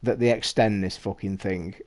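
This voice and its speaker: A British man chatting casually on a live stream, talking to his viewers in an excitable, rushed way and swearing constantly. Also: fairly low pitch. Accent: British English. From United Kingdom.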